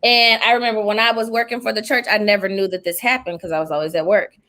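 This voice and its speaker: A young woman preacher in casual chat, telling stories in an animated, emotional way with church expressions. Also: medium pitch, fast. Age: young adult. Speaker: preacher and podcast host.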